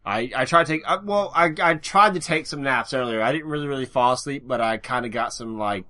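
A man's voice: medium pitch, fairly quick, bright, forceful tone. A man co-hosting a podcast, chatting casually in an easygoing, teasing way. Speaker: podcast co-host.

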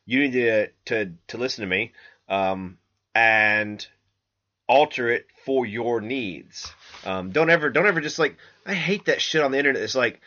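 A man's voice: medium pitch, animated, normal speed, bright, forceful tone. A man hosting a podcast in a loose, rambling monologue, swearing freely and restarting his sentences, recorded on a laptop microphone. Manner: rambling, loose and profane, with many fillers and restarts. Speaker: podcast host. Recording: dull lo-fi laptop mic.

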